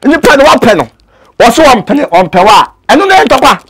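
A man's voice: very high voice, big pitch swings, normal speed, slightly rough. A Ghanaian man, a native Twi speaker who works as an actor, talking in an earnest, pleading way and switching between languages. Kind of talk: casual interview talk.

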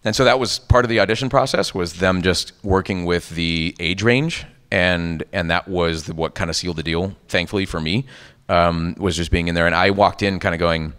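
A man's voice: low-pitched, normal speed, smooth, big-room sound. A middle-aged man, a voice actor, chatting animatedly at a convention panel about his work. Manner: animated storyteller, rattles off ad copy and voices. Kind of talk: casual convention panel talk.

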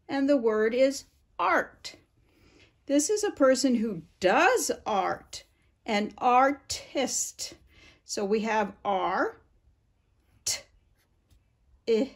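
Woman, phonics teacher, slow and deliberate, stretches out each sound. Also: medium pitch. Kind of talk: phonics lesson for parents.

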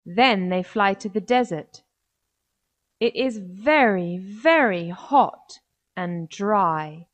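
Woman reading a kids story out really slow and clear. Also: mid-range voice, lively intonation. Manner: slow, clear, carefully paced. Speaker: narrator. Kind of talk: scripted narration for children.

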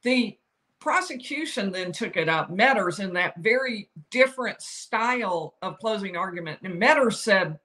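A woman, older, giving solo legal commentary, explaining each side's arguments and quoting lawyers with animated emphasis. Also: medium pitch, normal speed.

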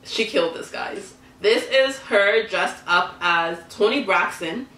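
Bright-voiced young woman vlogging casually. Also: mid-range voice, slow pace, distant mic. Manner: chatty, laughs often, excited reactions. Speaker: YouTuber reviewing celebrity costumes. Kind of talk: casual reaction vlog. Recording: echoey room, voice somewhat off-mic.

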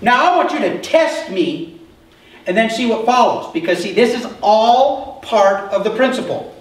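A man's voice: high voice, expressive, a little slow. A male pastor giving a conversational sermon and often checking in with the congregation. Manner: conversational preaching, asks the congregation questions. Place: church. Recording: echoey church hall from far off.

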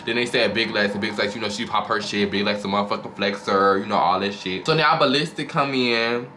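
On his own channel, a man recaps a reality show with casual, profane, gossipy commentary and dramatic flair. His voice is on the low side, brisk and sharp-toned, and there's noticeable background noise in the recording.

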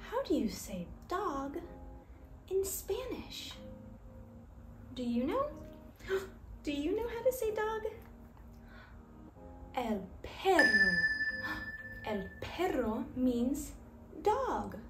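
A woman's voice: high voice, big pitch swings, extremely slow, long pauses, fairly bright tone. A woman teaching babies and toddlers, talking in a sing-song voice full of exaggerated gasps. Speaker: children's language teacher. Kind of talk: baby-directed teaching, bilingual. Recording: roomy echo with faint music.

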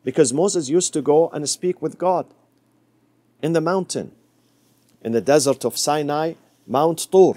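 A middle-aged man preaching a sermon, telling a story and dropping to a soft low voice for quoted words. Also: a little slow, long pauses, no room sound.

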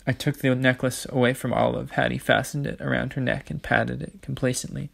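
A man reading a children's novel aloud in a plain, unhurried narrating voice. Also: medium pitch, level tone, gravelly. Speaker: audiobook reader.

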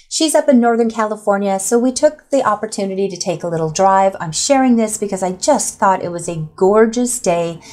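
A woman's voice: fairly high pitch, a little mellow. A middle-aged woman giving a chatty, upbeat voice-over as a home crafts vlogger, speaking straight to her viewers. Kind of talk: friendly tutorial voice-over.

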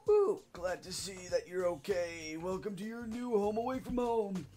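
A man voicing a kindly, polite old male caretaker of wizards, speaking in a fussy, gentle, slow old-man way. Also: sits high, music in the background, close to an everyday voice. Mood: welcoming.

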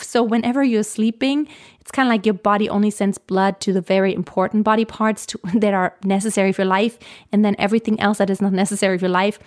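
Chatty woman vocal coach, fairly high voice. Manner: chatty, laughs often, restarts sentences. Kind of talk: casual teaching monologue.

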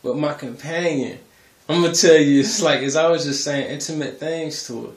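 A man's voice: fairly high pitch, normal speed, roomy sound. A man giving a casual religious testimony on his vlog, talking in a rambling, conversational way with many fillers. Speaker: video creator sharing a spiritual testimony.

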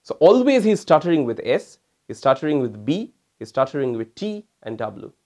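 A man with a fairly high voice lectures as a homeopathic doctor. He talks to his listeners as "my friends" and explains his points with demonstrations. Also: sing-song, normal speed, mellow. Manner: addresses listeners as "my friends", mimics stammering patients to demonstrate. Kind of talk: recorded lecture.

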